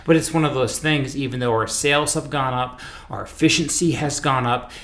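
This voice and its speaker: A man's voice: medium pitch, a little fast, a bit bright. An American man hosting a podcast from his office, talking in an earnest, rambling, conversational way. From United States. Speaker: podcast host and business owner. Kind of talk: casual podcast chat.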